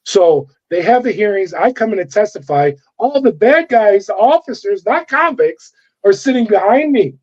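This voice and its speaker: Man, middle-aged, interview guest, storytelling, animated, profane, mellow tone, muffled lo-fi sound. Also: high voice, normal speed. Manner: animated, profane, acts out quoted dialogue. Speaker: guest, former corrections officer. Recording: dull lo-fi audio.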